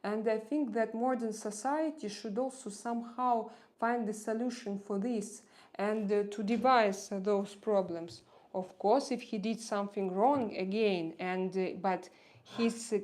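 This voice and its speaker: Slow-talking woman, Russian accent. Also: on the high side, a little mellow. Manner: hesitant, many fillers, searching for words. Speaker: livestream host. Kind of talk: casual livestream chat with viewers.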